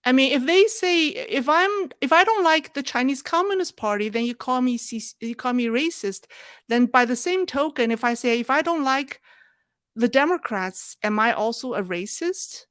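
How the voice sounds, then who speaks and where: A woman hosting a live show and answering viewer questions in a thoughtful, halting way. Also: high voice, animated, no echo, studio quality. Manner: thoughtful, halting, with restarts and soft laughs.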